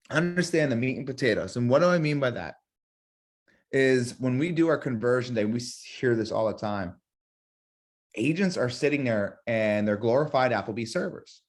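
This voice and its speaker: Guy running a live sales training webinar, upbeat, keeps repeating stuff and role-playing phone calls. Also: medium pitch. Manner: energetic, repeats key phrases, acts out sample sales calls. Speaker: real estate sales trainer.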